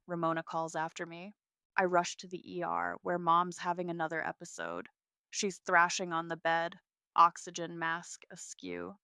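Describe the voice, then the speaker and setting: A woman's voice: fairly low pitch, flat delivery, normal speed, pushed and bright, clean tone, dry recording, studio quality. A woman narrating a family drama story in the first person, in a cool, clipped manner.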